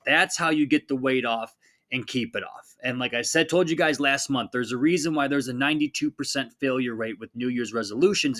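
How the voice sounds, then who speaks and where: Energetic man hosting a fitness podcast. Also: medium pitch. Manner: energetic, conversational, repeats phrases for emphasis. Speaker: podcast host, fitness coach. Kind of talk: casual motivational talk.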